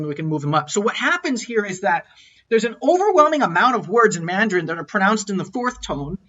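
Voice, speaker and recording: A man's voice: sits high, big pitch swings, fast talker, pushed and bright. A man teaching a lecture on tones, explaining step by step and stopping to sing out each tone as an example. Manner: explanatory, stops to demonstrate tones, frequent restarts. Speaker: language teacher. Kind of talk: online lecture with slides. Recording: dull lo-fi recording.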